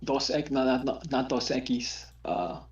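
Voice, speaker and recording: A man's voice: medium pitch, expressive, a little slow, roomy sound, highs cut off. A man chatting casually as co-host, laid-back, often repeating himself. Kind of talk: casual chat.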